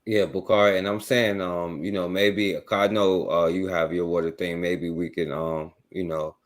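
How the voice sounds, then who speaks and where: A man's voice: deep voice, little pitch movement, normal speed. A man hosting a casual radio talk show, rambling and full of fillers. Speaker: host.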